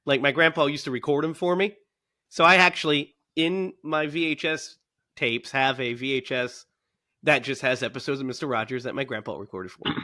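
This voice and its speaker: A man in his thirties co-hosting a casual movie podcast, animated and laughing often as he recounts scenes. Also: mid-range voice, brisk. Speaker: podcast co-host.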